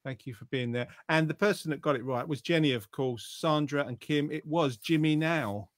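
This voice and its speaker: A man's voice: a little high, normal speed, no echo, clean studio sound. A man hosting a live online quiz show in casual chat, reading out viewer comments with a jokey manner and lots of fillers. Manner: chatty and jokey, with frequent fillers.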